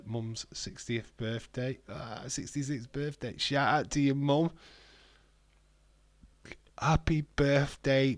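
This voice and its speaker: A man hosting a live wrestling watch-along, chatty and excitable, swearing casually. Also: medium pitch, dry recording. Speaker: livestream host.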